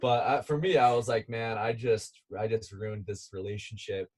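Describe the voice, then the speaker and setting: A man's voice: fairly low pitch, normal speed, husky. Laid-back man telling a story. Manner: animated, laughing as he tells a climbing story. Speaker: guest. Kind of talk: casual storytelling.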